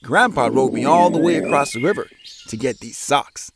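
A man voicing an excited, stubborn little girl in a storybook reading, high and insistent. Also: normal speed, crowd noise, close to an everyday voice. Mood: eager.

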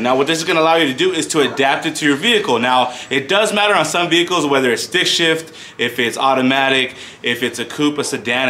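A man's voice: fairly high pitch, pushed and bright, a little hiss or hum. A man hosting a casual product walkthrough for a car parts shop, chatting loosely to viewers in a store. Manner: chatty, addresses viewers as "you guys".

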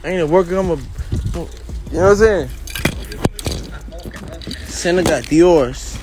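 A young man chatting casually to camera during a car delivery at his house, excitable and boastful, repeating himself. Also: fairly high pitch, takes it slowly, music in the background. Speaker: rapper showing off a new car delivery.

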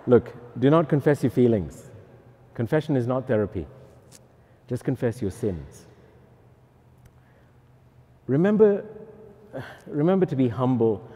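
Male priest, pilgrim talk; playful and teasing, mellow tone, echoey hall. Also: mid-range voice, slow, pauses often. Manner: joking, lively, teasing. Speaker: Catholic priest, pilgrim chaplain.

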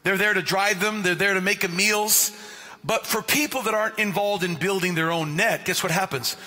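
With the long reverb of a church sanctuary around him, a male pastor delivers a sermon in a high voice at a moderate pace. Animated and playful, he tells stories, jokes, and addresses listeners by name.

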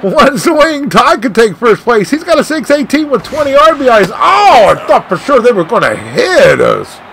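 A man giving live play-by-play of his own video game as a channel host, swinging between shouts and dejected muttering. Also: very high voice, sing-song, normal speed, gravelly, crowd noise. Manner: mild swearing, "freaking" and "dang it" catchphrases.

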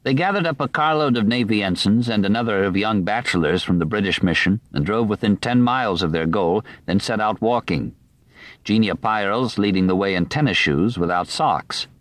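A man narrating a nonfiction audiobook in a measured, even reading voice on a studio microphone. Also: fairly low pitch, dry recording.

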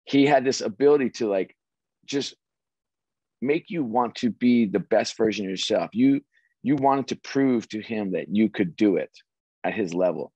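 Animated middle-aged man telling stories. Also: fairly low pitch, normal speed, husky, no room sound. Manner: animated, with frequent restarts and "like". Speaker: interview guest, former sports executive. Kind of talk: casual interview storytelling. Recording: dry, slightly dull audio.

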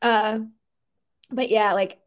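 A woman chatting casually on a podcast, rambling and animated, with lots of filler words and incredulous outbursts. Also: mid-range voice, takes it slowly.

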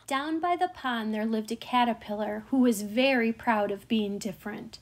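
A woman reading a children's picture book aloud in a gentle, measured storytelling manner. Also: fairly high pitch.

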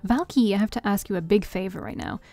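A woman's voice: mid-range voice, fast talker, mellow, faint music behind, natural voice. A woman voicing a flamboyant, doting rich woman with a gushing, theatrical manner, in a game read aloud. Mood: urgent. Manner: gushing, theatrical, calls people sweetheart.

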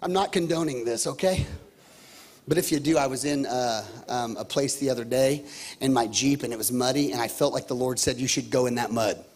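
A pastor in his thirties preaching a lively sermon, repeating himself and calling out to the congregation. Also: medium pitch, a little fast. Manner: animated, repetitive, calls out to the congregation.

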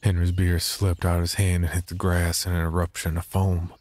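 A man narrating a horror story in a measured, subdued way. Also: low-pitched, completely flat delivery, a little mellow, no room sound.

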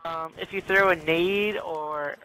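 A man's voice: a little high, fairly even intonation, slow pace, sharp tone, poor audio. A teenage boy in casual gaming banter with a friend, joking, teasing and mock-boastful. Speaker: gamer. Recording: faint noise with clicks.

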